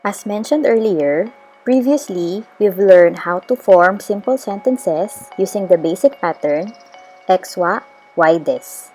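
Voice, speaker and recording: A woman teaching a beginner's lesson at an unhurried, patient pace, spelling out each pattern with clear enunciation. She slips in the odd Tagalog phrase as she goes. Soft music plays faintly beneath her voice. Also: mid-range voice, animated. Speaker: language teacher. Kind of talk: slow explanatory lesson.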